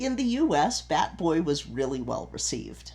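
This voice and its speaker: A man talking through theatre trivia in a relaxed, explanatory podcast chat. He rambles a little, backs up to restart his sentences, and fills pauses with ums. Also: fairly high pitch, creaky. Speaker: podcast co-host, theatre performer. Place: home recording setup in Utah.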